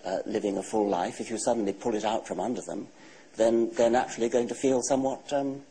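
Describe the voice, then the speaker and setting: A man in his sixties with an English accent, a guest author answering questions in a TV studio interview in a measured, dry, matter-of-fact way. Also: lowish voice, dark tone, husky, poor audio. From England. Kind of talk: TV talk show interview.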